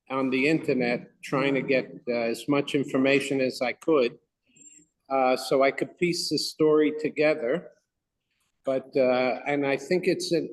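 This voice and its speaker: Halting man in a reverberant hall. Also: on the high side. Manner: hesitant, halting, with many restarts. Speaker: lay speaker giving a talk. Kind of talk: reading a prepared talk to a congregation. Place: synagogue room. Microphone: microphone not working.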